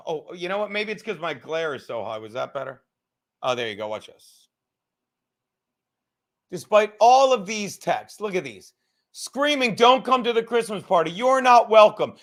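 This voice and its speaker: A man in his thirties rants on his own podcast from his couch at home, rambling, cursing and getting worked up. His voice sits high for a man, with a bright, sharp edge. It sounds like a home camera setup. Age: 30s. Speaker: podcast host. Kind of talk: profane livestream rant.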